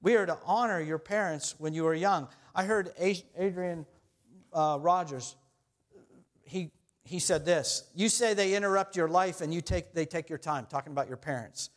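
A man's voice: fairly high pitch, normal speed. A middle-aged man preaching a sermon as pastor, conversational and self-deprecating, often laughing at his own stories.

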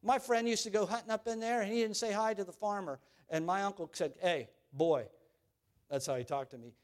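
Guy preaching a sermon, kinda high voice, gets loud then drops soft. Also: fast. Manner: animated storytelling preacher, rising and falling in volume. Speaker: pastor.

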